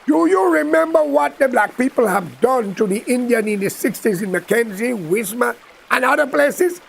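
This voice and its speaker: A man's voice: extremely high pitch, animated, normal speed, creaky, husky. A Guyanese man giving a combative, scolding political rant aimed straight at a leader, in creole-flavored speech. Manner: combative, scolding, speaks straight at his target in creole grammar. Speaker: political commentator. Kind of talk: direct-to-camera political rant.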